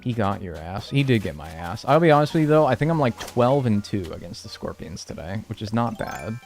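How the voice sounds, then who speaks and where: A man's voice: lowish voice, very animated, brisk, darkish tone, faint music behind. A young man chatting casually on a live stream, joking and reacting to chat in a laid-back way.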